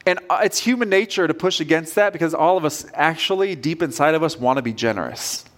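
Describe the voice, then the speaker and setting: A man's voice: fairly high pitch, fast talker, a bit bright. A man preaching a sermon as pastor, earnest and direct in a conversational way.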